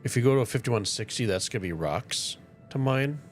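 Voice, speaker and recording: A man's voice: medium pitch, brisk, faint music behind. A man from northern Minnesota with a Minnesotan accent, chatting casually with viewers while live-streaming a game. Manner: relaxed, chatty, talks to viewers while playing. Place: tiny home.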